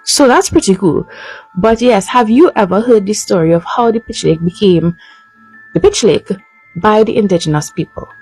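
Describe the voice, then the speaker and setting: A woman's voice: mid-range voice, lively intonation, moderate pace, a little mellow, breathy edge, soft background music, poor audio. A woman casually telling a story and asking about it.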